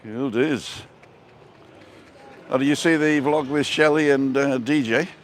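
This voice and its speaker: A man's voice: medium pitch, unhurried, slight background noise. A middle-aged man hosting a casual live stream as he walks outdoors through town streets, chatting and reading out viewer comments with a joking manner.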